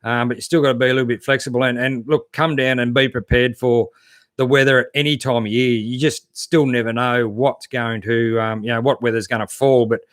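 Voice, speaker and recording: Australian man, relaxed chatty host, plenty of ums and restarts, dry close mic. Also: mid-range voice, fairly quick, no echo. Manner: laid-back, matey, lots of fillers and restarts. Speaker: 4WD channel host. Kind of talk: casual live-stream chat reading viewer comments.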